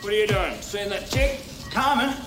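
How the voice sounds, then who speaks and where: A man's voice: sits high, normal speed, loud music behind the voice, close to an everyday voice. An actor playing a young man bickering with his brother in a film scene, in a brash, bantering way. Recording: film clip, roomy, loud score.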